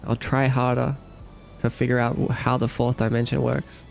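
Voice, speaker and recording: A young Australian man hosts a casual livestream, reading chat messages out loud and bantering back with light jokes. His mid-pitched voice has a gravelly, fried edge, and soft music plays faintly behind him. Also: fairly even intonation, brisk. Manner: playful and easygoing, answers chat with light joking.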